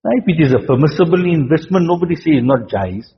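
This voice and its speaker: A man delivers an Islamic sermon in a steady, measured voice, pausing for rhetorical questions. His voice echoes with a long tail, as if recorded in a large hall. The sound is dull and lo-fi. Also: fairly high pitch, slight background noise. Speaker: Islamic preacher.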